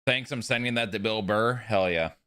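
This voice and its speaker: A man's voice: lowish voice, normal speed, bright, forceful tone, clear, resonant tone. A man live streaming a video game, chatting with his viewers in a casual, joking way and swearing freely. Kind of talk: live stream chat while gaming.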